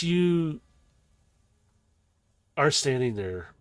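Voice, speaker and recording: A man narrating a tabletop game as game master, in a loose, chatty, animated way. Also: mid-range voice, unhurried, no room sound.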